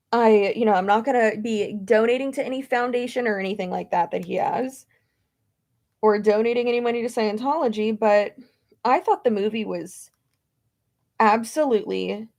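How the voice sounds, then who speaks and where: Young woman, casual vlog chat, rambling and filler-heavy, slight vocal fry, fairly high voice. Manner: chatty, rambling with many fillers. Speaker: beauty vlogger answering viewer questions.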